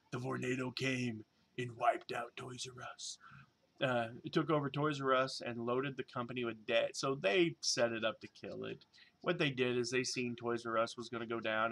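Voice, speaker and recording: Rambling jokey man in his thirties. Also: mid-range voice. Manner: rambling, jokey, many fillers and restarts; louder and excited when showing toys. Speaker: vlogger and toy reseller. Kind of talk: casual vlog chat.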